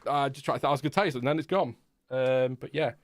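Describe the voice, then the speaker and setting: A man's voice: mid-range voice, quick pace, no echo, studio quality. A man hosting a casual live watchalong, rambling and chatty with lots of fillers and laughs. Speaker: livestream host.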